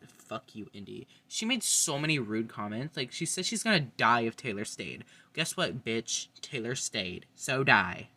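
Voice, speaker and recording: Blunt, sharp-voiced young vlogger. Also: mid-range voice, expressive, measured pace, hardly any pauses, no echo. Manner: blunt, opinionated, swears freely. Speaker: reality TV fan vlogger. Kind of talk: casual ranking monologue.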